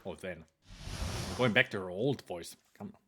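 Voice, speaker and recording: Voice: deep voice, normal speed, slightly rough. A player co-playing a story game, teasing and laughing while reading its lines aloud. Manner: teasing, animated, laughs often. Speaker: let's play co-player. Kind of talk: casual game commentary, reading dialogue aloud. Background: game music.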